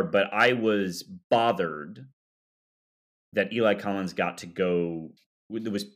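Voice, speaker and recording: A man with a fairly low voice co-hosting a sports podcast. He rambles through the news loosely, with jokey asides and plenty of fillers. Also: fairly bright tone. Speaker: podcast co-host. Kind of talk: casual sports podcast chat.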